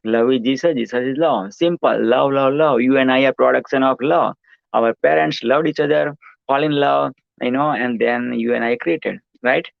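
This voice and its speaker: Gravelly man preaching in a rambling monologue. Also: medium pitch, normal speed, dry recording, dull audio. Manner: repetitive, preachy, full of fillers like "you know" and "right". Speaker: self-styled guru hosting his own show.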